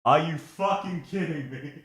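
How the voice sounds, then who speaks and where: A man casually chatting on a live stream, greeting viewers by name and laughing often, his voice still a little rough at the start. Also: on the high side, measured pace, a bit bright.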